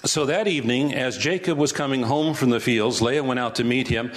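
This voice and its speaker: A man's voice: mid-range voice, moderate pace, few pauses, a bit bright, a little hiss or hum. A male pastor teaching through Bible passages verse by verse, conversational and asking rhetorical questions.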